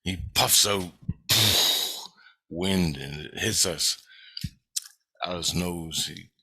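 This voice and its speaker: A man tells a dream story in a casual, profane way, with plenty of fillers and asides. His voice is low and unhurried. Its tone is bright and forceful. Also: husky. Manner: profane, vivid, full of fillers.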